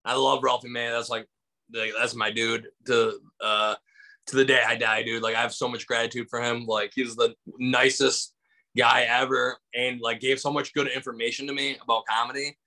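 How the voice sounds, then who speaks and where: A man's voice: medium pitch, level tone, normal speed, bright, forceful tone, rough recording. A man from Michigan, a comedian telling stories over a video call in a loose, rambling way with lots of fillers. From Michigan, USA. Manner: rambling, many fillers, acts out quotes. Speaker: comedian guest. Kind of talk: casual storytelling interview.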